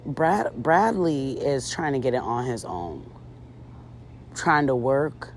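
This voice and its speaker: A woman's voice: extremely low pitch, very animated, takes it slowly, slight background noise. A woman recapping a reality show in casual commentary, sassy and chatty with lots of fillers, talking to her viewers as girl and ladies.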